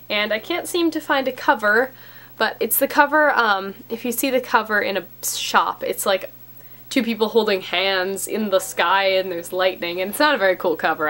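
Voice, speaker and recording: Young woman, casual book vlogger, upbeat and chatty, mid pitch, voice cracking slightly. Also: fairly bright tone. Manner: chatty, upbeat, filler-heavy. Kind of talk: casual chat to camera.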